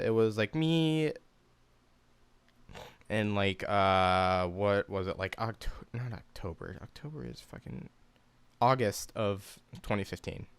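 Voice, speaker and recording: A young commentary YouTuber tells a personal story casually and loosely, packed with swearing, fillers and restarts. His fairly low voice is clear and resonant, with no echo.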